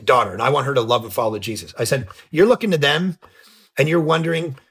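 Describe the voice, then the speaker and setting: A middle-aged man, a pastor and author, telling a story as a podcast guest, lively and jumping in pitch when he acts out scenes. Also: fast talker, creaky, husky. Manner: animated, jumps pitch when acting out scenes. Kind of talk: casual storytelling in an interview.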